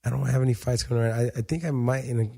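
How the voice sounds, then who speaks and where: A man's voice: mid-range voice, racing, vocal fry. A young man, a boxer guest on a podcast, telling a long story in casual chat, swearing a lot and acting out the lines of the people in it. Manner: animated, profane, acts out quoted dialogue. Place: podcast studio.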